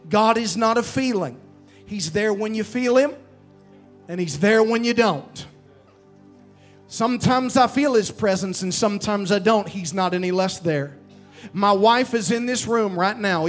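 A man preaching a sermon as pastor, calling for responses from the congregation and slowing down to stress key lines. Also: high voice. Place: church sanctuary.

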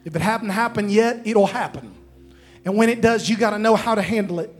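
A man's voice: high voice, brisk, soft background music. A man preaching a sermon, calling out to the congregation to repeat after him and quoting scripture. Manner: preaching with call-and-response to the congregation.

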